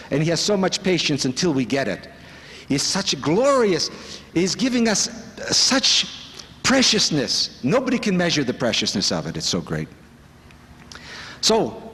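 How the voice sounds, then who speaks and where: A man's voice: fairly high pitch, fairly bright tone. A man giving an inspirational spiritual talk at a retreat, fervent and exclamatory, full of rhetorical questions. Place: large conference hall. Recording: long hall reverb.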